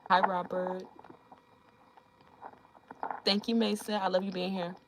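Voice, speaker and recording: A woman's voice: medium pitch, little pitch movement, a little slow, a bit bright, slight background noise, rough recording. A young woman hosting a casual livestream, chatting with viewers in a blunt, profane, joking way and laughing often. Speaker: livestream host.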